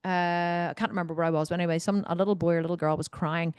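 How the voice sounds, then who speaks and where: A woman's voice: fairly low pitch, steady tone, rapid-fire, a little mellow, smooth, no echo. A woman coach, talking bluntly and animatedly to members, swearing now and then and wandering off on tangents. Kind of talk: Q&A talk to members.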